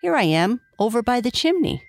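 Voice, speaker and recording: A woman's voice: on the high side, big pitch swings, brisk, voice pushed up. A woman voicing a weary, sad old male jumping jack toy in a children's story.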